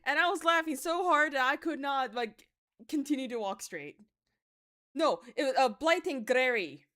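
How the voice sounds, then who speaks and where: A young woman streaming a game, chatting casually, swinging from mumbles to excited outbursts, swearing and laughing as she tells stories. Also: high-pitched, normal speed. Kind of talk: casual livestream chat while gaming.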